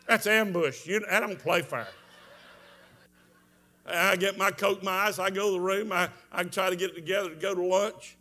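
A man preaching a revival sermon, telling a story with strong emotion, moving from hushed tones to shouts. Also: high voice, normal speed, faint music behind. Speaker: evangelist preacher.

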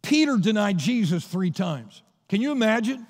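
A pastor preaches in a high, gravelly voice, telling Bible stories scene by scene. His sermon rings through a church hall with a long, trailing reverb. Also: very animated, normal speed. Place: church sanctuary.

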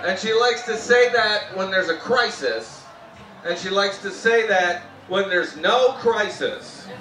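Bright-voiced Canadian man doing stand-up. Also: takes it slowly, slight background noise. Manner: animated storytelling, mimics his wife with sudden high shouts. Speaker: stand-up comedian. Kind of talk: live stand-up set. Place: outdoor festival comedy tent. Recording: roomy live sound from a distance. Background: audience laughter and faint music.

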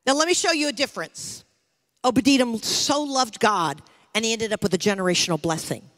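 High bright-voiced woman preaching a sermon. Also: brisk. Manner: preaching with rising fervor. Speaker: pastor. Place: church sanctuary.

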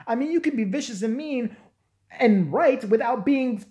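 Vlogger, ranting commentary, profane, mocking, laughing, very lively pitch, mid voice. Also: unhurried, slight background noise.

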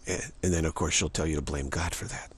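A man's voice: very deep voice, fairly even intonation, fast, slightly rough. A man giving a spiritual teaching monologue, repeating himself often and acting out little dialogues. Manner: repetitive, many restarts and "you know", acts out dialogues.

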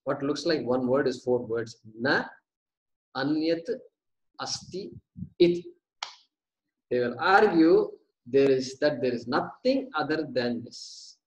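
A man's voice: mid-range voice, animated, unhurried, rough recording. A man teaching a scripture class, breaking terms down word by word, repeating them and asking questions that he then answers himself. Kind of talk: classroom lecture on verses.

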